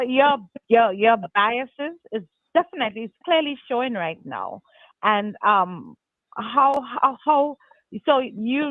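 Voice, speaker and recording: A woman's voice: a little high, no echo. A woman calling into a talk show, indignant and stammering. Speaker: caller. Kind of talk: angry phone-in call. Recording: dry tinny phone line.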